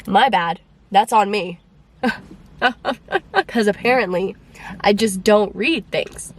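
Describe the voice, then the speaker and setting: A woman's voice: medium pitch, takes it slowly. A young woman in her twenties chatting to her phone camera from inside her car, giggly and self-mocking, her voice a bit congested and phlegmy. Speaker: vlogger. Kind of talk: casual chat to camera. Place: in a car at dawn.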